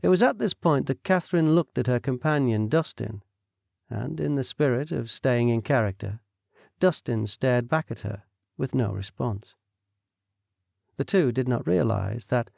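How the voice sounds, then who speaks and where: A man narrating a comic audiobook story in a wry, measured way. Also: mid-range voice, creaky, darkish tone, no echo, clean studio sound.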